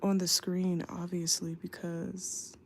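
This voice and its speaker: Young woman, worn out and aching, drawling late-night livestream chat into her phone, with a gravelly edge. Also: lowish voice, flat delivery, slight background noise. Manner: slow, tired, drawling talk with lots of fillers. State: sleepy and in back pain. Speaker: flight attendant livestreamer. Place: home at night. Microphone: phone mic, off screen.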